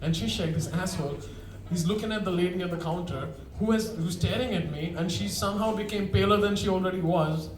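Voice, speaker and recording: A man's voice: high voice, a little fast, few pauses. A man from India performing a stand-up set, telling self-mocking stories to a live crowd. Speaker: stand-up comedian. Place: comedy show venue. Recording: echoey room, far mic, crowd audible.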